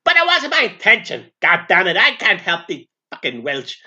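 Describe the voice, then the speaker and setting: A flamboyant, foul-mouthed male spirit of a showman, put on by a man in a comic channeling sketch. The voice sits high and bright, sweeping wildly up and down as he brags and swears. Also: wildly swooping pitch, moderate pace, muffled recording, heavily acted. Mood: indignant. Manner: profane, camp and boastful.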